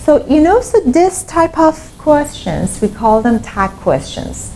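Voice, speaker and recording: A woman's voice: high voice, big pitch swings, unhurried, a little mellow, a little hiss or hum, poor audio. A woman teaching an online English lesson, explaining step by step and repeating her examples. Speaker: English teacher and language school founder.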